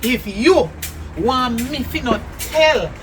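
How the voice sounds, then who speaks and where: An actress playing a bossy, scolding house helper, with a Jamaican accent, commanding in patois. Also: female voice, fairly high pitch, lively intonation, slow, noisy background. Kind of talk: Jamaican movie acting.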